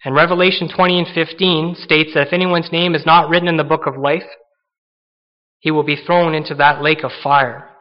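Guy preaching a sermon, pretty high voice, earnest, dull lo-fi recording. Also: steady tone, normal speed. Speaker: pastor.

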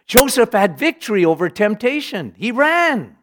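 A middle-aged man preaching a sermon, animated, rising to emphatic bursts and dropping low for weight. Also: unhurried.

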